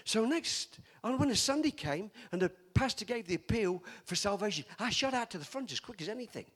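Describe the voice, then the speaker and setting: Give me an older preacher, high-pitched and lively, telling stories with a teasing chuckle. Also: male voice, a little fast, slightly rough. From England. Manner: chatty storytelling, laughs often, teasing. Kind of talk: sermon.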